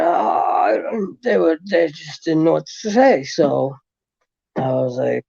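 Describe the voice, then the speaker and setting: A man guest telling a long story in casual chat, rambling with many fillers and restarts, and getting animated as he retells events. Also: a little high, slow pace, gravelly, husky, no echo, dull audio.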